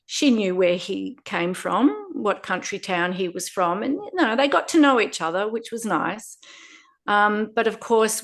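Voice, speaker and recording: A woman, a podcast guest telling her own story in a lively way with frequent laughter. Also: mid-range voice. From Australia. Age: 50s. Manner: animated, laughs often while telling a story. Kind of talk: personal storytelling interview.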